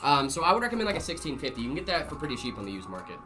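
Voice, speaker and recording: A man co-hosting a live stream, answering chat questions about PC hardware in a relaxed, friendly way. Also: fairly high pitch, racing, soft background music. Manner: relaxed, friendly, fillers and "brother".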